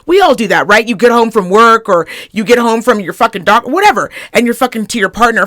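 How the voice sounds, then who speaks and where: A woman's voice: on the high side, expressive, fast talker, few pauses, a bit bright, no room sound, studio quality. Fired-up, foul-mouthed woman ranting. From Reno, Nevada area. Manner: profane, heated, acts out quoted people. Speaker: podcast co-host. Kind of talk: casual podcast rant.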